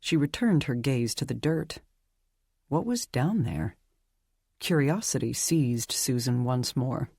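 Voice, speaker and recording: A slow, measured audiobook narration with a breathy, husky edge to the voice. The delivery stays even. The recording is dry and close. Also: mid-range voice, no echo.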